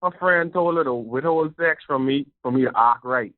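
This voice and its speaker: A man's voice: medium pitch, moderate pace, dry recording. A man from the Bahamas calling in to a talk show, telling brag stories with chuckles. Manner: boastful, chuckling storyteller. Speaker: caller. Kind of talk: phone-in chat. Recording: tinny phone line.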